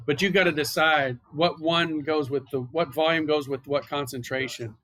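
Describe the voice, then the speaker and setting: A man's voice: on the high side, steady tone, moderate pace, bright, forceful tone. A male chemistry instructor giving a university classroom lecture, explaining calculations step by step in a conversational way. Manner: explanatory and conversational, talks students through steps.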